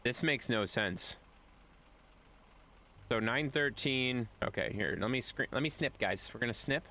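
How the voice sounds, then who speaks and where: Speaking at a measured pace and medium pitch, a man streaming a game live banters with his audience. His manner is animated and playful, with phrases he keeps repeating.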